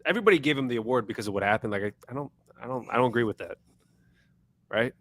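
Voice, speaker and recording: Fast-talking blunt man. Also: mid-range voice, a bit bright, dry recording. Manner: blunt opinions, retells anecdotes. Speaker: podcast co-host. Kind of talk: casual sports chat.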